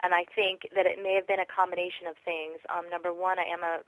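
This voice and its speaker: A woman with a lowish voice, talking through her craft in a relaxed, rambling way. She thinks aloud with plenty of ums and likes. She is recorded close and dry, with no room sound. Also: fast talker, no echo, poor audio. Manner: reflective, chatty, many fillers. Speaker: voice actress, interview guest. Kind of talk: casual interview chat.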